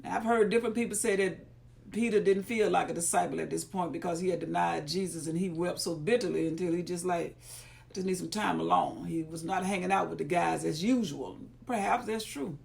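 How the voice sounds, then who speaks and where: With a fairly low, darkish voice full of vocal fry, a woman reads scripture a little fast. She pauses to teach, putting the verses into plain, folksy everyday talk as casual commentary.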